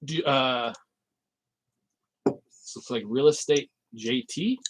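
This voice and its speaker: Mid-pitched man reading viewer questions. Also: takes it slowly, husky, rough recording. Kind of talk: live-stream Q&A chat.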